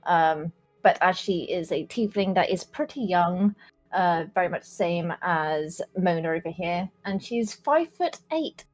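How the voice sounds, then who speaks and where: A woman's voice: on the low side, lively intonation. A chatty, playful woman taking part in a tabletop game as a player, stretching her words out as she talks. Faint music plays behind her voice. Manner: chatty and playful, drawn-out phrasing. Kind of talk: casual chat introducing a character.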